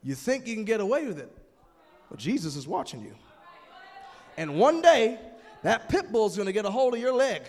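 A man preaching a sermon as pastor, building from calm explanation to emphatic shouting. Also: high-pitched, normal speed, pauses often, big-room sound.

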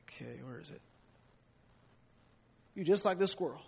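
High-voiced preacher in an echoing hall. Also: male voice, animated, normal speed, gravelly, breathy edge. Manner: emphatic, repeats words while speaking. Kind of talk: sermon.

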